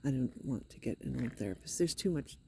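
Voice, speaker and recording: A middle-aged woman with a hoarse, sore throat, talking in a hesitant, rambling video diary with wry, matter-of-fact asides. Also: a bass voice, lively intonation, quick pace, mellow, a little hiss or hum. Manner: hesitant, rambling, many fillers. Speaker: vlogger. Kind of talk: casual personal video diary.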